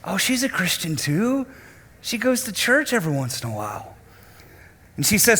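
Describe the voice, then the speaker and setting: A male lead pastor preaching a sermon to his congregation, dramatic, swinging between loud emphasis and hushed lows and putting direct questions to the room. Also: animated, moderate pace, long reverb tail. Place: church auditorium.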